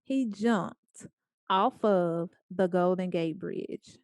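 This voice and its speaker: A woman speaker telling a story to a small group in a lively, playful way, acting out the lines of the people in it. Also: lowish voice, slow, clean tone, no echo, studio quality. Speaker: guest speaker.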